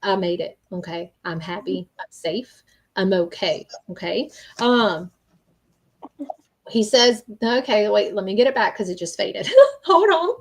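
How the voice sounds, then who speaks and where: A woman's voice: medium pitch, animated, measured pace. Woman medium, live-stream reading, earnest and checking in, ordinary mid-range voice. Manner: earnest, repeats "okay?" to check in, frequent ums.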